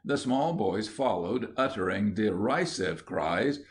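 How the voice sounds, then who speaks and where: A man reading a children's audiobook aloud in a steady, measured narration. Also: lowish voice. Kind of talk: scripted storybook narration.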